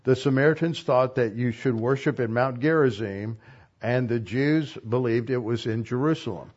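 A man giving an expository sermon as a Bible teacher. He reads a passage, then pauses to explain it. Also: mid-range voice, a little mellow, lo-fi sound.

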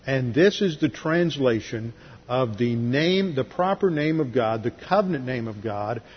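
Husky-voiced man teaching scripture, echoing hall. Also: mid-range voice, lively intonation, unhurried. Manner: methodical, cites verses, dry asides. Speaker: pastor teaching Bible class. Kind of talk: expository Bible teaching. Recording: lo-fi recording, long hall reverb.

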